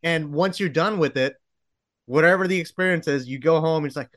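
A relaxed young man hosts a podcast over a video call and readily agrees with his guest. His voice sits a little high for a man, and he keeps it loose with "dude" and "man". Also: fairly quick. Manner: laid-back, agreeable, says "dude" and "man". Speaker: podcast host. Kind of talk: casual podcast chat.

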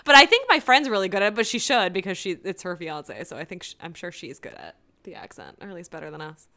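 A woman's voice: on the low side, animated, fast talker, sharp tone. A woman co-hosting a casual chat, retelling TV scenes with quoted lines and frequent laughter. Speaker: podcast co-host recapping a TV episode.

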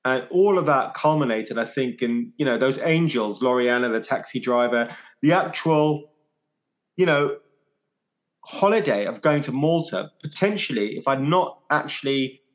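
As a guest on a podcast, a man in his forties tells a personal story, reflective and halting, often repeating his phrases. His voice is mid-range with lively intonation, and the audio sounds dull.

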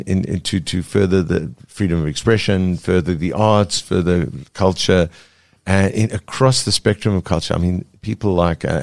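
A South African man, a cartoonist guest in a casual interview, speaking earnestly and pausing to search for words. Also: low-pitched, darkish tone, no echo, studio quality.

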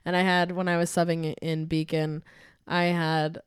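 Brief: young woman, podcast co-host, lowish voice, dry close mic, giggly casual chat. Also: level tone, moderate pace, clean tone, no room sound. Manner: laughs often, soft and giggly.

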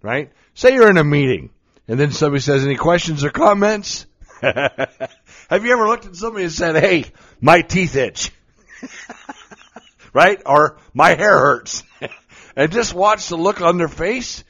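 A man's voice: fairly high pitch, lively intonation, normal speed, fairly bright tone. A middle-aged man talking casually and playfully, joking and laughing often as he gives advice on being goofy. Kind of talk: casual monologue. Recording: dull lo-fi recording.

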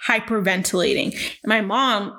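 Profane, animated young woman podcaster. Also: normal speed, creaky. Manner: animated, jumps into high-pitched voices when acting out scenes; profane, self-mocking. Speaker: podcast host. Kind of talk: casual solo podcast storytelling.

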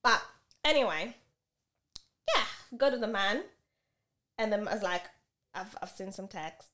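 A woman co-hosting a casual podcast, telling a story with animated delivery and acting out both sides of an argument. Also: mid-range voice, measured pace. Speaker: podcast co-host.

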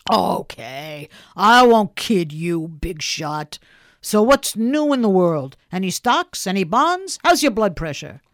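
A playful, joking man trades fond banter in a storybook reading, voiced by a woman. His lines swing up and down with lively intonation. The sound is dry and close. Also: medium pitch, slow pace, dry recording. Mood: teasing. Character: jovial teasing man, fond joker.

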